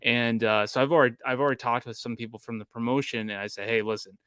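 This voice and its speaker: A man's voice: mid-range voice, steady tone, quick pace, fairly bright tone, clear, resonant tone, no echo. A Canadian man co-hosting a podcast, chatting casually and rambling with many restarts. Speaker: podcast co-host.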